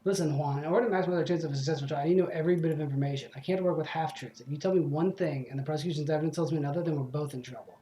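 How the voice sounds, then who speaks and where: A man's voice: on the high side, steady tone, racing, hardly any pauses, mellow, a little hiss or hum, lightly acted. A man reading a stern male falcon defense attorney, firm and commanding, in an echoey room. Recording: roomy echo.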